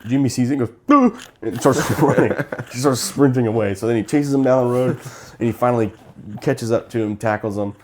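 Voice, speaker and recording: A man's voice: mid-range voice, fairly quick, darkish tone, slight background noise. A young man co-hosting a casual movie review, retelling scenes with animation and acting out the characters' lines. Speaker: podcast co-host.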